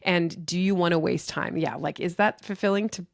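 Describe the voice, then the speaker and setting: Reflective woman co-host, lowish voice. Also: normal speed, creaky, dry recording, studio quality. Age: middle-aged. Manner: reflective, frank, swears casually. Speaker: podcast co-host. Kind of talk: casual chat.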